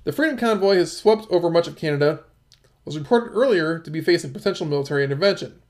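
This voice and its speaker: Guy reading news stories off the screen, kinda high voice, lots of ums and restarts. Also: expressive. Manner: halting, with many fillers and restarts. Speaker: commentator. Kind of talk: reading and commenting on news articles.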